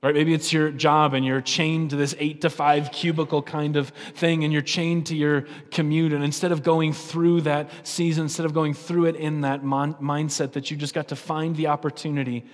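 A pastor delivers a sermon in a slightly higher-pitched male voice, earnest and conversational, tossing in questions to the congregation. His voice carries the long reverb of a large hall. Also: flat delivery, moderate pace, hardly any pauses. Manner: earnest, conversational preaching with repeated "right?".

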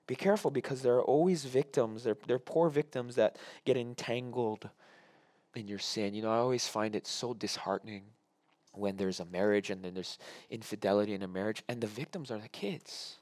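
A middle-aged man preaching a sermon as pastor, swinging between hushed asides and raised, slowed emphasis, and acting out quoted prayers in a low voice. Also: no room sound.

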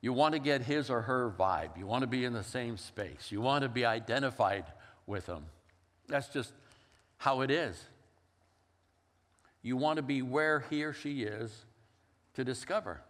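A man's voice: medium pitch, a little slow, pauses often, fairly bright tone. An older male pastor delivers a sermon in an easy, conversational way. He tells stories and acts out the voices in them. His mid-range voice carries a long reverb from a large hall. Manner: storytelling, conversational with acted-out quotes.

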